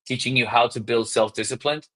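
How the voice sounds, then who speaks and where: Upbeat male sales coach, quick and emphatic, mid-pitched, acts out phone scripts for trainees. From South Florida. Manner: energetic, fast, emphatic, demonstrates scripts. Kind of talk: live coaching session.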